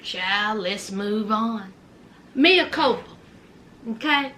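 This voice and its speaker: A woman vlogger giving loud, animated gossip commentary and calling viewers child and honey. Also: medium pitch, takes it slowly, a little hiss or hum.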